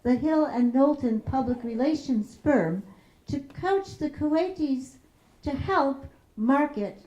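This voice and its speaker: A middle-aged woman from Chicago giving a public talk as a peace activist. She tells stories in a measured way and slows down to stress key phrases. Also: high-pitched, lively intonation, mellow, lo-fi sound. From Chicago, USA. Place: lecture room. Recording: roomy hall echo.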